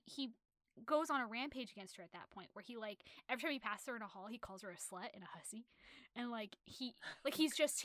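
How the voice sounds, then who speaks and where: A young woman casually retelling a novel's plot on a podcast, animated and rambling with many fillers. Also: fairly high pitch, no echo, studio quality. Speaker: podcast host.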